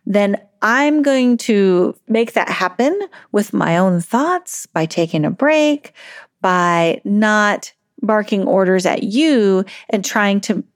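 A woman's voice: mid-range voice, takes it slowly, dry recording, clean studio sound. A woman parenting coach talking in a conversational solo podcast monologue, often laughing and acting out a parent's inner thoughts.

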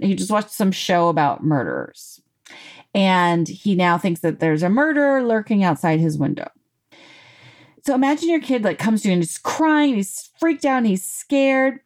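A woman giving a casual motivational talk in a lively, conversational way, full of "you know" and "like". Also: mid-range voice. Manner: animated, conversational, acts out quotes; frequent fillers like "you know" and "like". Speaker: self-help speaker.

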